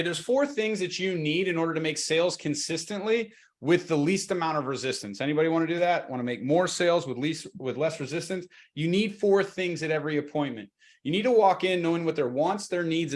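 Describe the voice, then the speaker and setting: A man giving a live sales training webinar, talking casually and acting out short exchanges between agent and client. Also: fairly high pitch. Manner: energetic, conversational, acts out seller and agent lines. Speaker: real estate sales trainer.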